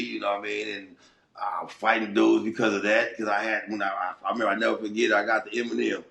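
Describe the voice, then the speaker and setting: A man's voice: fairly low pitch, vocal fry, a bit bright. A middle-aged man from Los Angeles, a guest telling his story in a casual, streetwise way that rambles and restarts often. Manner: rambling, streetwise, many restarts and "you know what I'm saying". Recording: roomy echo.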